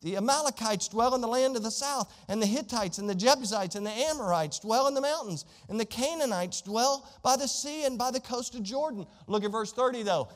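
A man's voice: extremely high pitch, brisk, hardly any pauses. A man preaching a sermon as pastor, emphatic, reading scripture aloud in a church. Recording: long hall reverb.

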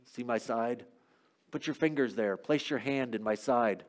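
A man voicing a calm, gentle teacher who speaks softly and quietly. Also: medium pitch, measured pace, natural voice.

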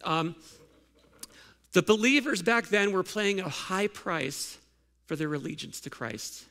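A man's voice: high voice, animated, takes it slowly, creaky, pushed and bright. A male pastor giving a sermon in a conversational way, asking the congregation many questions and restarting his sentences.

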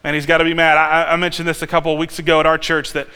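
A male pastor preaching a sermon in a conversational, animated way, with restarts and sudden loud peaks. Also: on the high side, racing, clear, resonant tone. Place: church sanctuary. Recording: long hall reverb.

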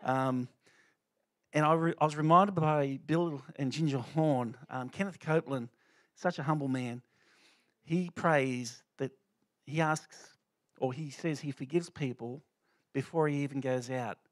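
A man's voice: medium pitch, measured pace, no room sound. A middle-aged man giving an informal church testimony, talking loosely with many fillers and restarts. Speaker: lay speaker sharing a testimony.

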